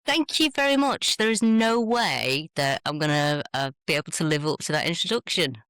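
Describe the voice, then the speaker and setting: A woman with a northern English accent, chatting casually as a guest in an interview, playful and quick to laugh. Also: deep voice, expressive, a bit bright, clear, resonant tone, dry recording. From Northern England. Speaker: sitcom creator and guest.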